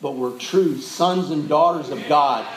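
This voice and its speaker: A man's voice: on the high side, measured pace, roomy sound, low-quality recording. A man preaching a sermon to his congregation, fervent and rhythmic, calling out amen and praise the Lord. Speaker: pastor.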